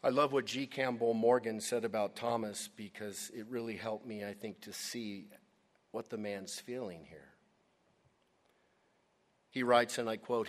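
A male preacher delivering a sermon with an animated, emphatic style. He speaks directly to his congregation and presses hard on his key points. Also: lowish voice, unhurried. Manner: animated, emphatic, addresses audience as "gang".

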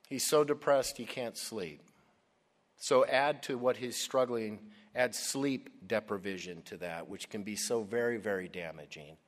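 Slow dramatic preacher in a reverberant hall. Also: male voice, lowish voice. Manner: dramatic, swings from hushed to loud. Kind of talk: sermon.

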